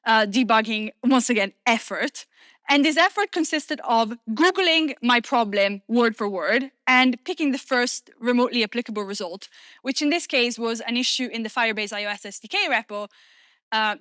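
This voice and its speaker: A woman whose first language is Italian, giving a lively, self-deprecating conference talk in English with many fillers. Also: on the high side, dry recording, studio quality. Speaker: conference speaker.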